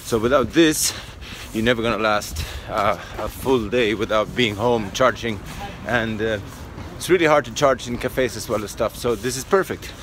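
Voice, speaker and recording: A middle-aged man from Sweden with a Swedish accent, a comedian talking casually to camera in a halting, self-deprecating way with many fillers. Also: lowish voice, a bit bright, slight background noise. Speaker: comedian vlogger. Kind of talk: casual vlog talk.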